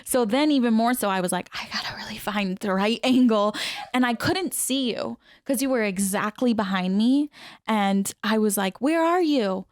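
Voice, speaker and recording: A woman in her thirties co-hosting a podcast, telling a story in a chatty, quick casual style. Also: medium pitch, no room sound. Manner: chatty storyteller, quick asides, laughs easily. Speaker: podcast co-host. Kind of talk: casual chat.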